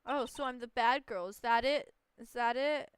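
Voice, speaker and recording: Woman doing a sassy, shrill game witness, scheming and indignant. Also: moderate pace, slight background noise, lightly acted.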